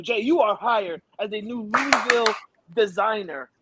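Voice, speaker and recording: A man co-hosting a sports prediction show, talking in an excitable, rambling way and laughing easily. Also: sits high, moderate pace, background noise. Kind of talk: animated casual sports banter.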